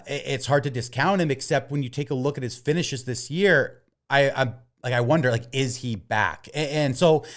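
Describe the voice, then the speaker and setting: A man in casual conversation on a podcast, talking through his reasoning out loud. He hedges a lot and restarts his sentences, speaking at a middling pitch. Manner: hesitant, lots of filler "like" and restarts. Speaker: podcast co-host, golf betting. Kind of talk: casual chat.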